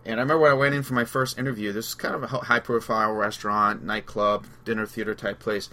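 A man's voice: on the low side, fairly even intonation, quick pace, sharp tone. A man hosting a casual podcast chat, telling anecdotes in a loose, rambling way and laughing as he goes. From Long Island, New York. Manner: chatty storyteller, laughs through anecdotes. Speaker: podcast host.

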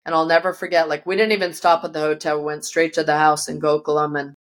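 She talks fast in a low voice with little pitch movement, recounting a personal story for an interviewer. The telling is vivid and full of acted-out voices for the people she quotes, and it was recorded in her yoga studio.

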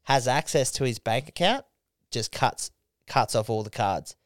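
Australian bloke spinning a crude yarn. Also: male voice, medium pitch, measured pace, dry recording, studio quality. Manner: animated, swearing yarn-spinner acting out quotes. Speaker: podcast host. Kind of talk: casual storytelling chat.

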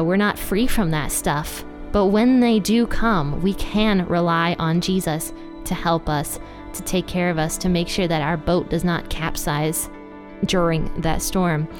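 A woman hosting a casual Bible study podcast. She talks in a chatty, animated way and laughs at her own asides. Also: lowish voice. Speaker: podcast host teaching the Bible.

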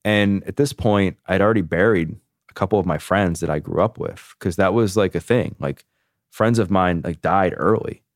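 Low-voiced man telling his story candidly. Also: normal speed, no room sound, clean studio sound. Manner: candid, animated, heavy use of "like". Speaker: podcast guest. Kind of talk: casual storytelling.

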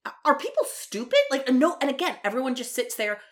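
A woman's voice: high voice, animated, fairly quick. A woman co-hosting a casual chat, heated and swearing freely as she recaps and acts out what others said. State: worked up from iced coffee. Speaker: podcast co-host.

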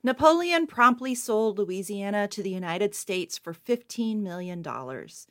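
A woman co-host reading a scripted history segment in an even, matter-of-fact way. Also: mid-range voice, unhurried. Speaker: podcast co-host.

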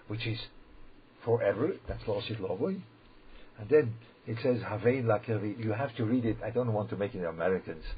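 A man teaching a Torah lesson as a rabbi, emphatic and repetitive, with sudden loud bursts when he quotes the verses. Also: mid-range voice, breathy edge. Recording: dull lo-fi recording with faint background noise.

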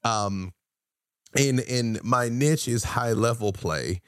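A man's voice: mid-range voice, slow, clear, resonant tone, no room sound, studio quality. A man guest on a podcast, animatedly telling tabletop game stories and acting out his players. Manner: animated storyteller, acts out players' lines. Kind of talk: casual podcast interview.

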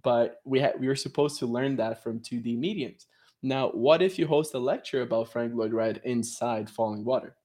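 Over a video call, a man with a medium-pitched, slightly mellow voice chats casually about what he does, speaking at a normal pace. He sounds keen, breaks into laughter a lot, and sprinkles "you know" throughout.

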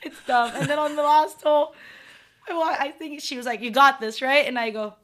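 A young adult woman, a professional golfer, telling lively stories as a podcast guest, loud and animated, laughing often and acting out quotes. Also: sits high, a little fast. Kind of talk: casual interview storytelling.

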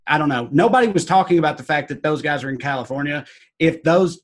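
A man in casual podcast chat, telling stories in an animated way with many fillers. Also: a little high, fast.

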